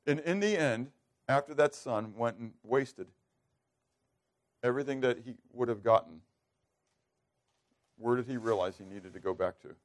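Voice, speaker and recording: A male pastor preaching a sermon, asking his listeners questions and acting out the prayers he quotes. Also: medium pitch. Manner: asks the congregation questions and acts out quoted prayers.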